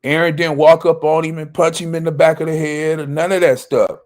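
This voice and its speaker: A man's voice: on the high side, steady tone, fairly quick, a little mellow. A man teaching a Bible study. He reads verses aloud, then explains them, and often asks a question and answers it himself.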